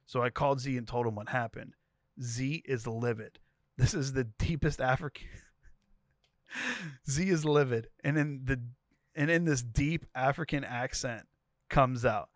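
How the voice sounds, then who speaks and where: A man's voice: medium pitch, no echo. Guy on a podcast telling a crazy story, keeps laughing, does the voices, dry close mic. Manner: animated storytelling, laughing between lines; quick-paced, voices each character's quoted lines. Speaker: podcast co-host. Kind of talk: narrating a tweet thread aloud.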